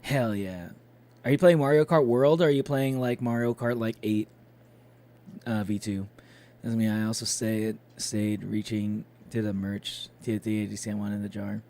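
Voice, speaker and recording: A man's voice: fairly low pitch, fairly even intonation, moderate pace, dark tone. A young man chatting casually with his live-stream chat, loose and swearing, with plenty of fillers.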